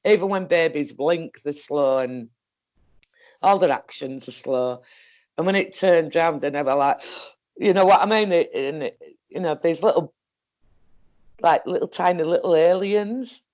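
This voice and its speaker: A woman's voice: low-pitched, measured pace, pauses often, darkish tone, muffled recording. A woman with a Northern English accent telling a story in casual chat, rambling along and laughing often. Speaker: co-host.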